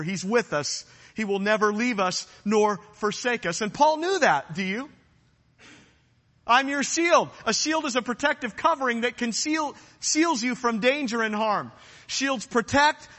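A man's voice: sits high, bright, forceful tone, big-room sound. A man preaching a sermon, earnest and emphatic, repeating phrases for effect.

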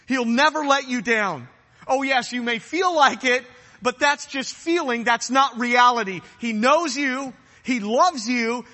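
A man preaches with a very high, bright voice that rings through a reverberant hall. He is earnest and emphatic, driving his points home by repeating phrases. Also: a little slow. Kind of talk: sermon.

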